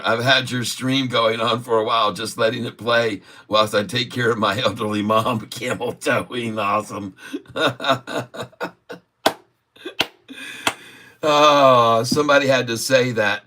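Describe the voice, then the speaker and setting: A middle-aged man hosting a live trading stream in a fairly low voice, talking slowly and easily. He laughs often and reads viewers' comments aloud as he chats. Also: sharp tone. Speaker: livestream stock trading host. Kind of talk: casual livestream chat with viewers.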